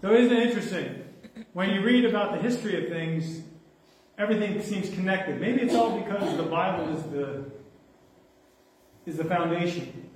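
A man preaching to his congregation with a high voice, talking in a lively, conversational way and joking along the way. He sounds picked up from across a big echoing hall, some distance from the mic. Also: normal speed, pauses often. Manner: animated, conversational, jokes with the congregation. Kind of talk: sermon. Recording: echoey hall, mic from far off.

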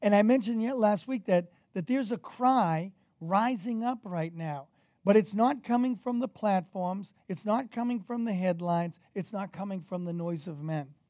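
A man preaching a sermon as pastor, energetic and conversational, with casual fillers. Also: sits high, normal speed, no echo, lo-fi sound.

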